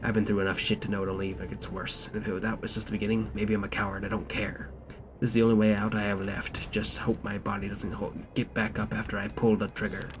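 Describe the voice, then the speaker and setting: A man putting on a gruff pirate voice, drawling and theatrical, while reading a note aloud on a game stream. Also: fairly low pitch, fairly even intonation, extremely slow, long pauses, noisy background. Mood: grim. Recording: streamer over loud game music.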